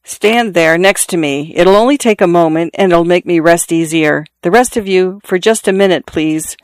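A reader plays a dying father in his forties, pained and breathless. He presses his point over and over, insistent and confiding. The voice stays smooth and dry, close to the mic. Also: mid-range voice, normal speed, no room sound, lightly acted. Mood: earnest. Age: 40s. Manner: earnest, insistent, repeats himself. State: in pain, out of breath. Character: dying middle-aged father, urgent and confiding.

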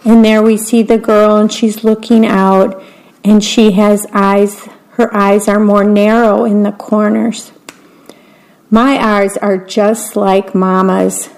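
A woman reading picture books aloud in a gentle manner, describing the pictures as she goes. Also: mid-range voice, low-quality recording. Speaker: read-aloud storyteller.

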